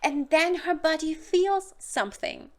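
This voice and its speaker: A woman's voice: sits high, sing-song, measured pace. Frank German woman giving casual advice. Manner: chatty, frank, acts out little scenes in silly voices. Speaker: hypnotist and sex advisor. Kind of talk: casual direct-to-camera advice.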